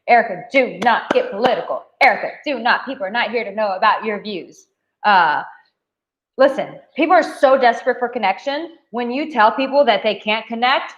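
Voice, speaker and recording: A woman's voice: medium pitch, muffled recording. Passionate, blunt woman dating coach. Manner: passionate, emphatic, blunt and profane. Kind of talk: live Q&A to viewers.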